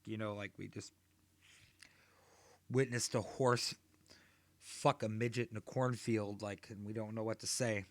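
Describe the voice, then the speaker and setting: A man's voice: on the low side, steady tone, measured pace, pauses often, no echo. A man in his thirties doing a stand-up set, telling rambling, profane stories. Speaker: stand-up comedian.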